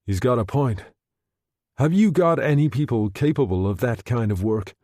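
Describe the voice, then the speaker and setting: A man reading a novel aloud, voicing an agitated wartime general who speaks in a slow, grave way. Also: mid-range voice, animated, warm tone, no room sound, studio quality, natural voice.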